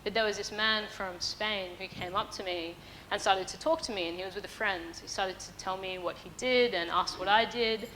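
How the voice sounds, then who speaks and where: Woman, Australian accent, young adult, keynote speaker, candid storytelling, bright forceful voice, faint ambience behind. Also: medium pitch, normal speed, a little hiss or hum, rough recording. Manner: lively, candid storytelling with casual swearing. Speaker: motivational speaker. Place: festival stage.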